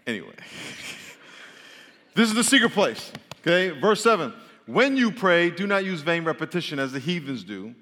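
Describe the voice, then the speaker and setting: A man's voice: fairly high pitch, big pitch swings, normal speed, pushed and bright, a little hiss or hum. A man preaching a sermon to a congregation, reading scripture and explaining it in a humorous, conversational way. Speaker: pastor. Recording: long hall reverb.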